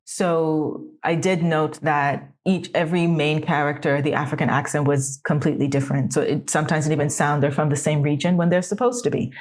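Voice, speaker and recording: Low-voiced woman musing on a film. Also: fairly even intonation, brisk, few pauses, darkish tone. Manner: thoughtful, questioning, rhetorical. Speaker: podcast co-host. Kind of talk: casual conversational film discussion.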